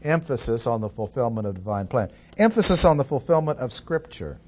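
A man giving a Bible study lecture, reading scripture in a measured, deliberate way with pauses. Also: mid-range voice, big pitch swings, darkish tone. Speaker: Bible teacher.

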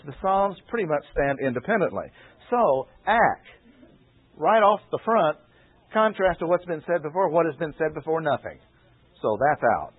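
A man preaching, giving a deliberate expository Bible lesson and repeating key phrases for emphasis. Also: mid-range voice, slightly rough. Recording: tinny phone-like old radio recording.

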